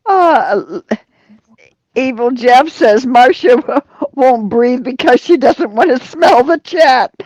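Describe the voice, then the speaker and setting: A woman with a high, very lively voice hosts a relaxed live stream, reading chat comments aloud and giggling often. She speaks at an unhurried pace, with drawn-out exclamations. The sound is close and dry. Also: no room sound. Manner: drawls exclamations like "Oh, Lordy". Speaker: livestream host reading chat.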